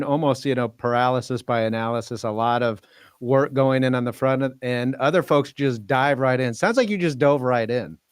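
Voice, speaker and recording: A man's voice: mid-range voice, smooth, no echo, clean studio sound. A man hosting a podcast, asking his guest questions in a loose, conversational way. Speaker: podcast host. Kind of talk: conversational interviewing.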